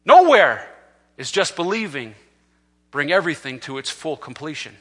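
A man preaching as pastor, swinging from loud emphatic peaks down to low, quiet asides. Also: big pitch swings, moderate pace, in a large hall. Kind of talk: sermon.

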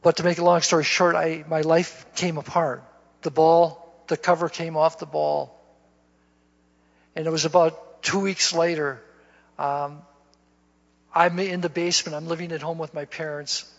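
In a church sermon, a guest speaker tells the story of his conversion, folksy and laughing at his own expense. He speaks a little high, flat and measured, with vocal fry, through a dull lo-fi recording with long reverb.

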